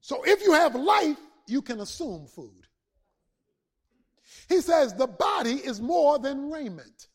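A man a sermon to his congregation, building from steady talk to shouted peaks and back down. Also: extremely high pitch. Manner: preaching with swells to shouts and dramatic pauses. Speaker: pastor.

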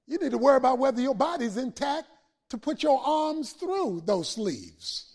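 A man a sermon to his congregation, building from steady talk to shouted peaks and back down. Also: very high-pitched. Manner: preaching with swells to shouts and dramatic pauses. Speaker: pastor.

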